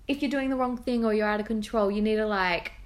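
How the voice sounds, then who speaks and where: A woman's voice: mid-range voice, fast. A young Australian woman co-hosting a casual chat show, bubbly and teasing, laughing often. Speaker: podcast co-host.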